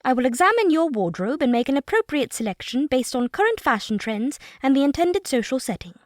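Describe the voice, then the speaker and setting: A man reading an audiobook, voicing a calm, precise female android who speaks in a monotone. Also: extremely high pitch, a little fast, dry recording, clean studio sound, pitched above the performer's own voice. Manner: monotone, matter-of-fact. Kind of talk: audiobook character voice.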